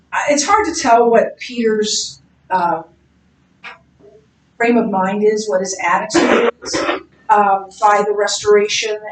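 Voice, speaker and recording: In a classroom or church room, a woman with a mid-range voice leads a Bible class in a conversational style, full of fillers and restarts. The mic is distant, leaving the sound roomy and off-mic with a faint hum behind it.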